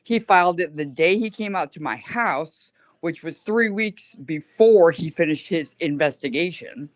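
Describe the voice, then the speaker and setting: A woman on a video call telling a story in a casual way, acting out what other people said and speeding up in rushed bursts. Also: fairly low pitch. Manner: animated retelling, acting out quoted dialogue. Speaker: caller recounting her experience.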